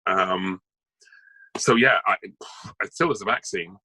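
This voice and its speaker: A man's voice: deep voice, measured pace, bright, forceful tone, breathy edge, no room sound, poor audio. A man, an actor and voice artist, chatting as an interview guest and rambling through his news with many asides. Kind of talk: casual interview chat.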